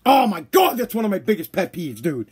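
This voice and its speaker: A man rants on his podcast. His voice sits very high for a man, and he talks bluntly and profanely. The delivery is loose and casual. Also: very animated, fairly quick, breathy edge. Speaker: podcast host. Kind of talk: casual ranting podcast monologue.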